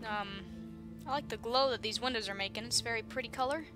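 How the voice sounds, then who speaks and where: A woman's voice: a little high, fast, over music. A young woman giving casual, chatty commentary while playing a horror game, with laughing asides. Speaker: gamer. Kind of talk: casual let's-play commentary.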